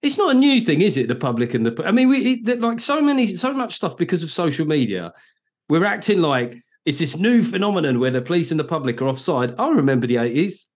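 A man's voice: on the high side, big pitch swings, quick pace. A man with a British English accent hosting a podcast, musing and posing questions to set up topics. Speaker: podcast host. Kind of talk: casual chat.

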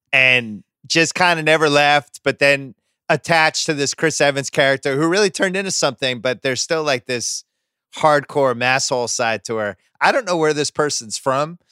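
A man hosting a podcast, riffing in casual pop-culture chat with opinionated, animated asides, close to the microphone. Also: fairly high pitch, clean tone, no echo. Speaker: podcast host.

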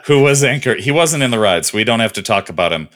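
A man's voice: medium pitch, lively intonation, fast, fairly bright tone. A man co-hosting a podcast in casual chat, listing trivia with lots of ums and uhs. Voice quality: rambling, listing trivia with many fillers. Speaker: podcast co-host.

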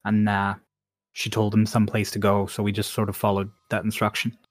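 A man's voice: on the low side, completely flat delivery, brisk, no room sound, lightly acted. A man voicing a laid-back, blunt woman sailor with a Cockney accent and clipped, offhand phrasing.

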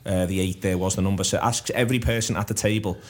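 A man's voice: deep voice, fairly even intonation. A man hosting a casual group podcast, reading out listener questions and stumbling over names. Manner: brisk, reads out questions, hesitant over names.

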